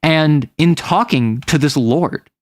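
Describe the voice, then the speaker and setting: A game master recaps a tabletop campaign session in loose, rambling chat, full of fillers, restarts, and heavy use of "like". His voice sits a touch higher than most men's, and he takes it slowly. The sound is dry, with no room echo.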